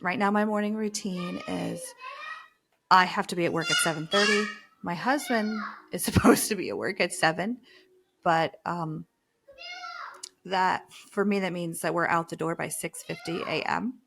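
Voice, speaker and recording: A woman's voice: lowish voice, moderate pace, creaky, a bit bright, a little hiss or hum. A woman in her thirties co-hosting a podcast, telling everyday stories in casual chat and laughing as she talks. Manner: chatty storyteller, laughs mid-sentence. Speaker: podcast co-host.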